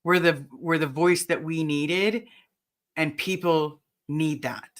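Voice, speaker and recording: A woman hosting a casual podcast chat, speaking earnestly and supportively, with halting restarts. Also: low voice.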